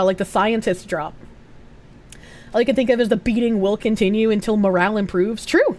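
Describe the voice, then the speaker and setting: A woman's voice: a little high, darkish tone. A young woman with a Boston accent chatting casually on a live stream, rambling, giggly and swearing freely.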